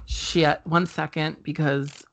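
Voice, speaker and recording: A man's voice: fairly high pitch, little pitch movement, takes it slowly, gravelly, a bit bright, no room sound. A man co-hosting a podcast in casual chat, rambling with many fillers and self-corrections. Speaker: podcast co-host.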